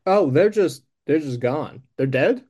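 Co-host, curious questions, lively pitch, mellow tone. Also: a little slow, slightly rough, highs cut off. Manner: curious, interjecting short questions. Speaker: co-host listener. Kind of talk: casual chat.

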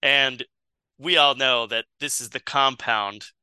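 Bright-voiced man telling an improvised comedy story. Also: mid-range voice, fairly even intonation, slow pace, smooth, dry recording. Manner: playful, teasing, laughs often. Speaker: podcast co-host, storyteller.

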